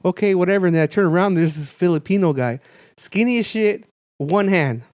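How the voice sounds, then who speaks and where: A young man tells a long, laid-back story on a podcast, peppering it with curses and bouncing his pitch up to mimic other people. His voice sits a little high for a man, and the mic is close and dry with almost no room sound. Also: a little fast, a little mellow, dry recording. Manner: swears a lot, acts out quoted people with jumps in pitch. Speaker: podcast co-host. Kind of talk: casual storytelling chat.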